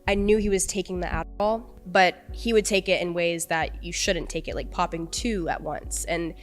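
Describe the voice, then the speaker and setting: A woman's voice: lowish voice, normal speed, faint music behind. A young woman recounting a personal story as a podcast guest, rambling and peppering her talk with "like". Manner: rambling, heavy use of "like", emotional retelling. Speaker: interview guest.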